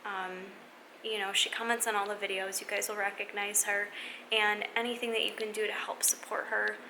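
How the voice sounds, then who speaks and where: Bright-voiced earnest woman vlogger. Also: medium pitch, level tone, slight background noise, poor audio. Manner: halting and earnest, many fillers and restarts. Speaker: fitness vlogger. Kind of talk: casual vlog talk to camera.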